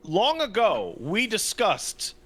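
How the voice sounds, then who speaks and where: A young adult man co-hosting a podcast in casual chat, an animated storyteller who acts out his quotes. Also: high-pitched, slow pace. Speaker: podcast co-host. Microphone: studio podcast mic.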